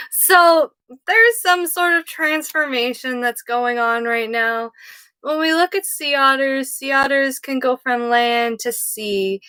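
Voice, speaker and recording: A woman with a slightly high voice talks through a tarot reading in a loose, chatty vlog style. She wanders off on tangents, swears casually and pokes fun at herself. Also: bright, forceful tone, clear, resonant tone, no echo. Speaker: tarot card reader.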